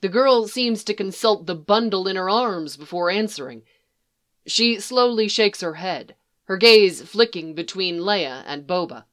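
A woman reading fan fiction aloud in a soft, even storytelling manner. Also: medium pitch, a little slow. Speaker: reader.

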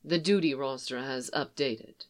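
Reader doing a calm alien admiral, formal male, hushed low voice, slow smooth delivery, audiobook reading. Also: lightly acted. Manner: measured, formal, quiet.

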